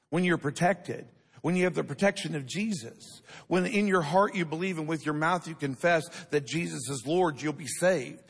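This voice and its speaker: A man with a high voice preaches a sermon in a church sanctuary. He drives his points home and keeps asking the congregation to answer back. The sound rings with the long reverb of the hall. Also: husky. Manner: emphatic preaching with call-and-response questions to the congregation. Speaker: pastor.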